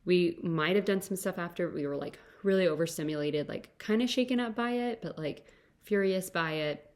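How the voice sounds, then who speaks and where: Low-voiced woman telling a chatty story. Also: normal speed. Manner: chatty, fills every phrase with "like". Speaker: podcast host. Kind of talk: casual storytelling monologue.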